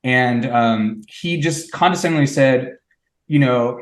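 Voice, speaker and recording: A man's voice: mid-range voice, slow. Middle-aged guy chatting, laid back and thoughtful, echoey room sound. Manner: relaxed, thoughtful, lots of fillers. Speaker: podcast co-host. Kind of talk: casual chat among old friends.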